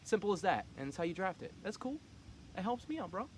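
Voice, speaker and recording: A man's voice: high-pitched, big pitch swings, fast, slight background noise. A man running a fantasy football league, talking casually and teasing the other players with cocky trash talk.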